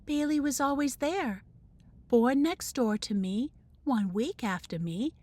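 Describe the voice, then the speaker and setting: A woman, a teacher, reading the first chapter of a children's novel aloud in an expressive storybook manner. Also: sits high, measured pace, no echo.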